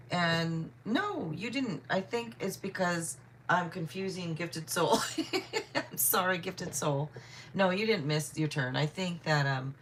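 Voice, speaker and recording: A low-pitched woman runs a tarot livestream, with a bit of background noise present. She keeps it casual while reading viewer questions, greets viewers by name, and apologizes often.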